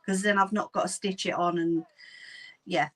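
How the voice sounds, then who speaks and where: A Cockney woman hosts a casual sewing livestream, chatting to viewers as she works and laughing often. Her voice is fairly low, with fairly even intonation and normal speed, on a low-quality recording.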